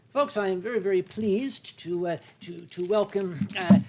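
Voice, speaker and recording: Drinking wine during a relaxed livestream, this older American host speaks in a high, gravelly, darkish voice at a slightly slow pace. His talk rambles with jokes, fillers, and frequent restarts.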